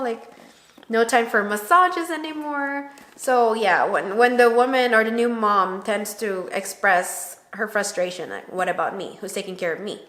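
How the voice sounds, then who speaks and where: A woman, a new mother, chatting casually to camera with her husband and acting out remembered conversations. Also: a little high. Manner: animated storyteller who acts out quoted dialogue. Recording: roomy echo.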